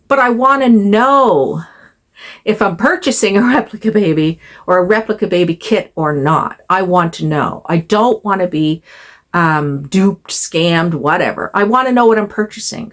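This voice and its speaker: An older woman, a doll collector, chatting casually to camera in a rambling, conversational way. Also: medium pitch. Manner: rambling, talks to her doll in a cooing voice.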